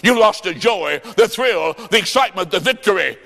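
Preacher, male, high and gravelly, storytelling sermon with sudden shouts, echoing hall. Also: expressive, moderate pace, soft background music. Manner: folksy storytelling with quoted dialogue and bursts of shouting.

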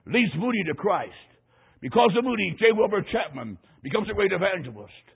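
A man's voice: high-pitched, very animated, brisk, creaky, husky. A man preaching a sermon and telling a story from his childhood. He speaks with emphasis, repeats phrases and often calls his listeners "my friend". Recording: tinny, phone-like narrow sound.

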